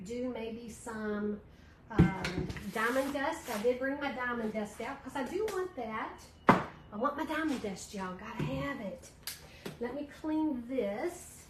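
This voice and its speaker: Chatting easily with her livestream audience, a middle-aged woman reads their comments aloud while doing a craft project. She speaks slowly in a slightly high voice, in an echoey room with noticeable background noise.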